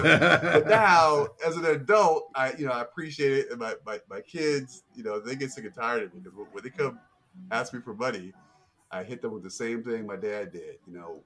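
A middle-aged man hosting a podcast, telling stories in a casual, animated way. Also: moderate pace. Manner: animated storyteller, jumps up in pitch for quotes. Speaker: podcast host. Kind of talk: casual conversation.

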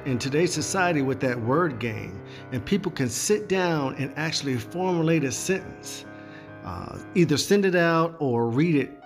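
Laid-back male host thinking aloud. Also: on the high side. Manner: relaxed, halting, thinks aloud. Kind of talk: casual call-in show.

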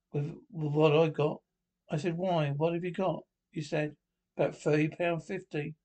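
Gravelly man reading pub jokes. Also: fairly high pitch, darkish tone. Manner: halting read with frequent restarts. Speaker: joke teller.

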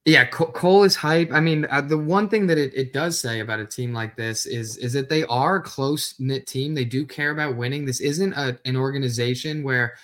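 A man's voice: mid-range voice, brisk, few pauses, fairly bright tone. Thoughtful man stumbling into his points. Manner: hesitant, restarts often, thoughtful. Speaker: podcast co-host. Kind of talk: casual sports chat.

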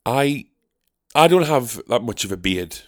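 A man's voice: mid-range voice, lively intonation, measured pace, no room sound, clean studio sound. A young man from North East England, hosting a casual solo podcast, rambling and sarcastic, swearing freely. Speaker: podcast host.

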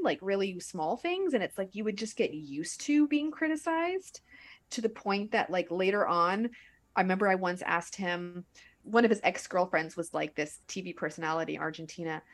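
A woman in her thirties hosting a podcast, telling personal stories in a frank, animated way full of fillers. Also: medium pitch. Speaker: podcast host. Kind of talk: candid conversational podcast talk.

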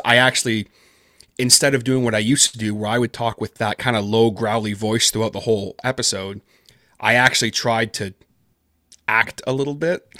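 Recorded dry in a clean studio, a male horror narrator speaks as a podcast guest in a lowish voice with a fairly bright tone. His casual talk wanders, packed with fillers and self-deprecating remarks.

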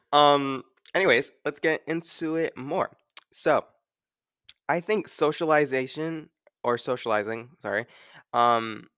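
Solo talk host: man, smooth voice, loose filler-heavy delivery, close and dry. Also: fairly low pitch, fairly bright tone, no echo. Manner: rambling, filler-heavy with frequent "like". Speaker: podcast host.

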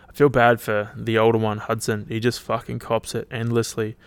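An Australian man hosts his own podcast, chatting casually and rambling in a laid-back way while swearing freely. He sounds tired and yawns, his medium-pitched, resonant voice clear but completely flat at a normal speed. The recording is dry.

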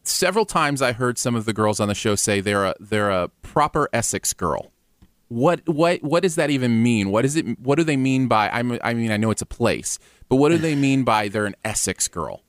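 A man's voice: mid-range voice, animated, moderate pace, no echo, clean studio sound. A man from the United States co-hosting a casual interview, curious and asking long, probing questions. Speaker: co-host.

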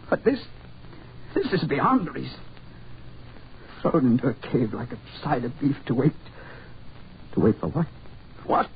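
An actor playing an agitated, emphatic, skeptical American man in a 1940s radio drama. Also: mid-range voice. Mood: despairing. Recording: dull old radio recording, faint hiss.

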